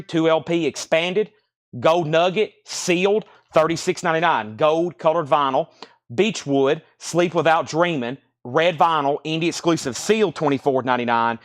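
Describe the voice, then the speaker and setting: Man, slightly higher voice, live-sale host, fast auction patter, a bit winded. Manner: rapid-fire listing of prices and bids. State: out of breath.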